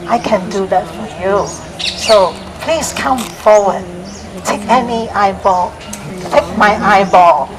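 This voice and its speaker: A woman's voice: mid-range voice, lightly acted. A woman voicing an earnest male monk who is eager to help, in a noisy outdoor recording.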